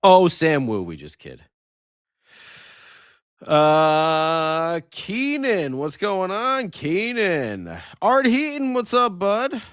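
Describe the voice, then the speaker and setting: A man's voice: high-pitched, very animated, extremely slow, fairly bright tone, clean tone, dry recording, studio quality. A man co-hosting a late-night live sports podcast, joking around and greeting chat viewers by name. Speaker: podcast co-host.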